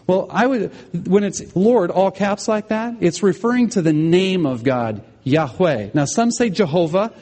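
A man's voice: high-pitched, expressive, measured pace, few pauses, a little mellow, long reverb tail. A man preaching a sermon as pastor, explaining scripture and asking the congregation questions.

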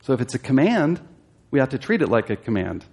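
A man's voice: medium pitch, very animated, a little fast, gravelly, a little mellow, slightly rough. A man teaching a Bible study class, explaining a passage and asking his listeners questions, growing emphatic as he exhorts.

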